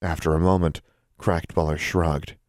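A man narrating an audiobook in a steady, even storytelling voice. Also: sits low, moderate pace, no echo, studio quality.

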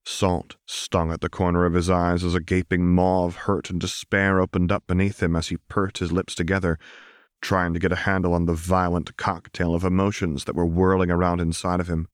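A man narrates a story in a very deep voice that stays flat and even. His read is steady and measured. The recording is dry and close, with no room around it. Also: smooth, dry recording. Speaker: audiobook reader. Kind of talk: scripted narration.

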